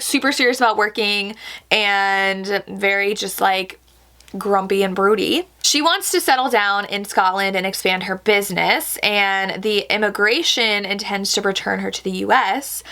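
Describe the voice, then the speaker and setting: A woman's voice: mid-range voice, moderate pace, sharp tone. A woman chatting casually about books, bubbly and gushing, filling her talk with "like". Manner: bubbly and gushing, many "like" fillers. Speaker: book reviewer. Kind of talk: casual chat.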